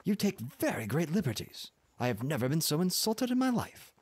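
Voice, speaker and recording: A man's voice: lowish voice, huge pitch swings, moderate pace, breathy edge, full character voice. A man voicing an earnest, proud young journalist who pleads and bristles at insults. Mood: indignant. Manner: pleading, then indignant.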